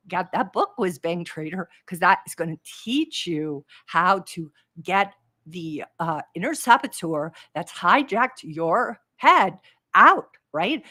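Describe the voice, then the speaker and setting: A woman hosts a live coaching stream with a slightly husky voice. She talks in a chatty, animated way and answers viewers' comments as they come in. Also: lowish voice. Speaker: trading coach, live show host.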